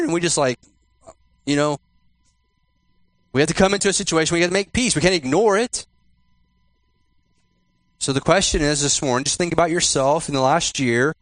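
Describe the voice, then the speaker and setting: A male pastor giving a sermon in church, repeating and slowing down his key phrases for emphasis. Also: medium pitch, no room sound. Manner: repetitive, emphatic preaching with slowed key phrases.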